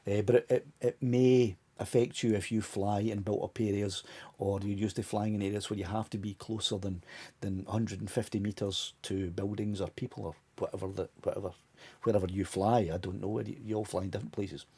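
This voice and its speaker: Scottish male host, around sixty, mellow tone, easygoing rambling live-chat delivery with false starts. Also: lowish voice, steady tone, a little fast, husky. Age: about 60. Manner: rambling, chatty, many restarts and chuckles. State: voice tiring, fading. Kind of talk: casual live stream chat.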